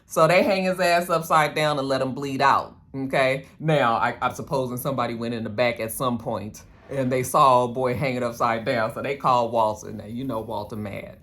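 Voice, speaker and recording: A reviewer giving a casual, slangy and profane recap of a TV episode, full of quick side comments. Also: mid-range voice, steady tone, a bit bright.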